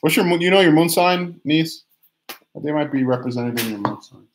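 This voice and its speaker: A man's voice: on the high side, lively intonation, heavy background noise. A young man giving live tarot readings on a stream, chatty and teasing, reading viewer comments aloud, often restarting his phrases. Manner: many restarts and drawn-out phrases, sometimes sings a line. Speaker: tarot reader.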